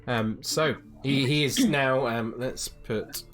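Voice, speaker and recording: A man's voice: medium pitch, slow, faint music behind. Man running a tabletop game. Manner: relaxed, explains rules and asks for checks. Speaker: dungeon master.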